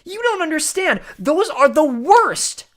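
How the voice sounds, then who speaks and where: A man's voice: very animated, a little slow, a bit bright, exaggerated voice. A man voicing a haughty, easily flustered female sorceress in a storybook reading, drawling and mocking. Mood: panicked. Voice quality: high, shrieking put-on voice. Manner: drawling, mocking, then yelping.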